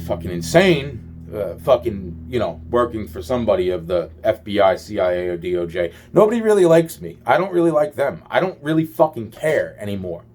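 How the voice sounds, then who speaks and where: Man, lowish voice, profane, rambling, exasperated monologue. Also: lively intonation, moderate pace, few pauses, a little mellow, faint music behind. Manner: heavy swearing, rambling, exasperated; trails off with repeated sighs of "wow".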